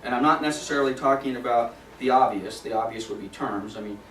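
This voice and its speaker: A man's voice: medium pitch, fast, fairly bright tone, recorded from a distance, a little hiss or hum. A man presenting a property management training class in a casual, conversational way, often checking in with "okay?". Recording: roomy sound from off mic.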